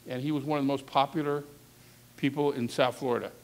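A man's voice: medium pitch, fairly even intonation, fast. A man coaching a class on reporting, speaking candidly and conversationally in a classroom session. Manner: candid, conversational, frank asides. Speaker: talent coach. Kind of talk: instructive classroom talk.

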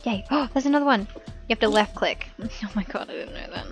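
A woman's voice: mid-range voice, a little fast, vocal fry, soft background music. A woman giving rambling, giggly commentary while playing a video game. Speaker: gaming YouTuber. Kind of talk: casual let's-play commentary.

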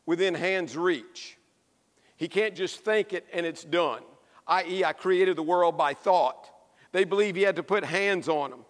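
A man preaching a sermon with a high, carrying voice. He tells his story with lively emphasis and repeats his key phrases. The sound rings out through a large, echoey church. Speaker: pastor.

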